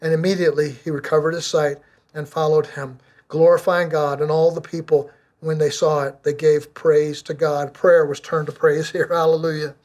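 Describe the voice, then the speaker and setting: A middle-aged man preaching with earnest conviction, his voice sitting a little on the higher side. He slows down and leans on repeated phrases to drive each point home. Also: little pitch movement, darkish tone. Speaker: pastor. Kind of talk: sermon.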